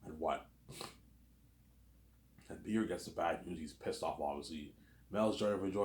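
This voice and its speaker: A man's voice: low-pitched, normal speed, long pauses, darkish tone. A man hosting a casual, rambling commentary, repeating the same filler phrases again and again. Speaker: host. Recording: roomy echo.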